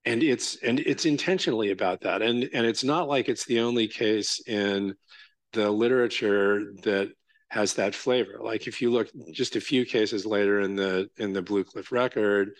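Low-voiced man giving a casual dharma talk. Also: no echo. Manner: casual, halting, full of fillers and "right?" checks. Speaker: Zen teacher.

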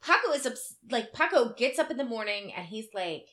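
Higher-voiced woman, blunt and swearing, roomy sound. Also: very animated, brisk, a bit bright. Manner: blunt, profane, joking. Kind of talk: casual chat.

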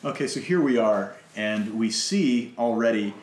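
A man's voice: fairly low pitch, unhurried, roomy sound. A man hosting a casual podcast, laughing often and explaining wrestling rules. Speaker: podcast host.

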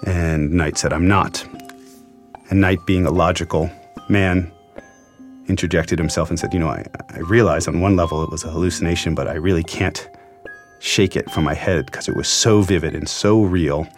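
A man's voice: low voice, fairly even intonation, moderate pace, faint music behind. A man, a journalist, earnestly retelling an emotional story from his own experience, quoting the dialogue. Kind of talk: storytelling interview.

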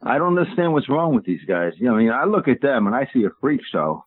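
A man's voice: mid-range voice, big pitch swings, fast talker, husky, dry recording. A man calling in to a radio talk show, emphatic and indignant, rambling as he talks over the phone. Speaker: caller. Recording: dry tinny phone line.

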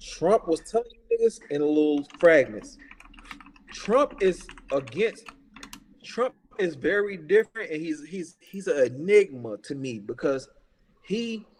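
A man with a fairly high voice rants in a casual podcast chat, heated, profane and emphatic. He keeps repeating himself and throwing in "bruh". A long reverb trails behind his voice. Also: big pitch swings, measured pace, a little mellow. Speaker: podcast talker.

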